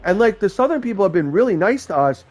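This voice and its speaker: A man's voice: sits high, very animated, fast talker, darkish tone. A man from New York chatting casually, rambling through profane stories. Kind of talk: casual chat.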